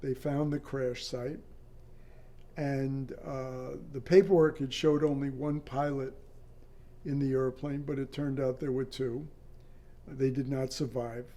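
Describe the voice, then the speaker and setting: An older man, a former air traffic controller, recounting a personal story in an interview, halting and matter-of-fact. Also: mid-range voice, little pitch movement, warm tone.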